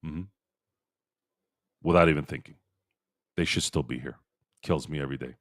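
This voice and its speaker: A middle-aged man hosting a casual sports live-stream, excitable and animated, answering viewers in chat. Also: extremely low pitch, normal speed, dry recording, studio quality. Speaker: sports podcast host.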